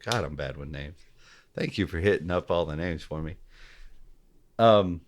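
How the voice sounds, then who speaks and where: A man as a podcast guest in casual political chat, halting and often restarting his sentences. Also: sits low, a little hiss or hum. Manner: halting, repeats and restarts, gropes for names.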